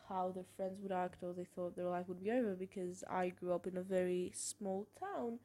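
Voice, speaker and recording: Frank young woman telling stories. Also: mid-range voice. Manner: frank, expressive storytelling with swearing and laughs. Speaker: podcast host. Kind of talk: candid personal monologue.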